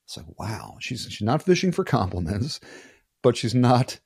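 A man's voice: medium pitch, sing-song, normal speed, creaky, a little mellow, slightly rough, no room sound, studio quality. A man in his sixties from the United States, a guest in a casual interview, telling stories bluntly and profanely with rambling restarts. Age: 60s.

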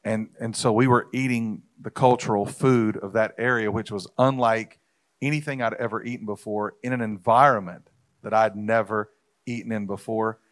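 A man's voice: on the low side, fairly even intonation, normal speed. A man in a casual discussion, telling an anecdote in an easygoing, storytelling way.

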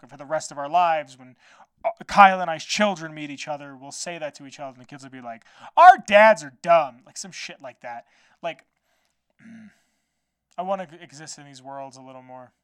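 A man's voice: fairly high pitch, fast, pushed and bright, smooth, no room sound. A man hosting a podcast, chatting casually and rambling loosely, with plenty of swearing and filler words. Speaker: podcast host. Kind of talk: casual solo podcast chat.

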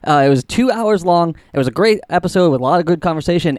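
High, lively, teasing co-host man. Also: fast, no echo, clean studio sound. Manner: teasing, laughs often. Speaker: podcast co-host. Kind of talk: casual chat.

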